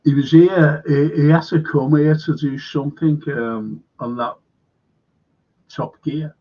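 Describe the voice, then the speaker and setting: A man's voice: a little high, slow, dull audio. A man with a Liverpool accent hosting a rambling, opinionated monologue. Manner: rambling, opinionated, animated when quoting others. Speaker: host.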